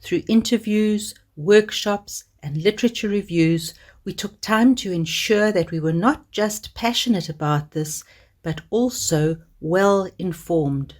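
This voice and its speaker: A woman reading a scripted documentary voice-over in a measured, earnest way. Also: mid-range voice, a little mellow. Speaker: organisation spokesperson.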